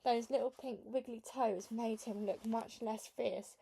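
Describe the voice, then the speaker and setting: A woman with a slightly high voice reading a children's book aloud. Her storytelling is lively and expressive, in the first person. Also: measured pace, gravelly, hardly any pauses, slightly rough. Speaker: read-along narrator.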